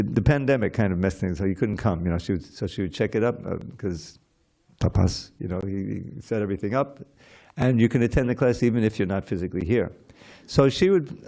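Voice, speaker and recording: Gravelly low-voiced man giving a scripture class. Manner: conversational and digressive, with soft chuckles. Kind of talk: informal scripture lecture. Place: temple class.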